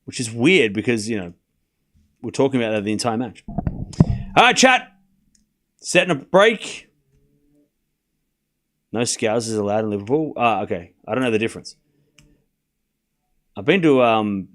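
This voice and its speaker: Talking fairly quickly with frequent pauses, a young man with a fairly low voice hosts a live tennis watchalong. He rambles through the score and chats with his stream chat, using fillers and restarts.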